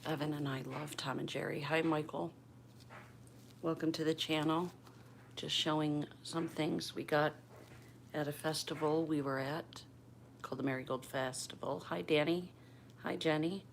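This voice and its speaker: A woman's voice: low-pitched, fairly even intonation, moderate pace, vocal fry, a little hiss or hum. An older woman from Pennsylvania hosting a casual livestream at home, chatting with viewers by name and keeping her voice down. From Bristol, Pennsylvania. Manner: keeps her voice down. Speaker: livestream host. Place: home room.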